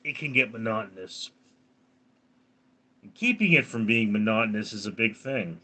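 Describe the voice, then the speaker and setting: A man's voice: on the low side, moderate pace, pushed and bright. Round-voiced man chatting on a live stream. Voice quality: round, resonant voice. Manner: reads viewer comments aloud and answers them. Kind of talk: casual live-stream chat.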